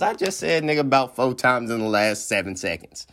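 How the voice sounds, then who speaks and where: A man's voice: mid-range voice, very animated, a little fast, a bit bright. Dude hosting his own podcast, rambly and jokey, lots of slang, just shooting the breeze. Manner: joking, rambling, slangy asides. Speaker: podcast host. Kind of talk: casual comedic commentary.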